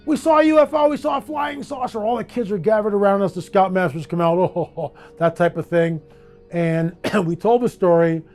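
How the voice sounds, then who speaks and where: A man interviewed for a documentary, telling a story in a lively, animated way and acting out the voices in it. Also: fairly high pitch. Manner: animated, acts out voices in his anecdote. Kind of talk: casual storytelling.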